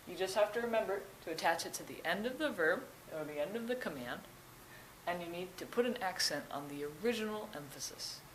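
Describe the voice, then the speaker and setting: Young woman teaching grammar, patient step by step, lowish voice, kinda roomy. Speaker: Spanish teacher. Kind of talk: explaining grammar. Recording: echoey room, faint noise.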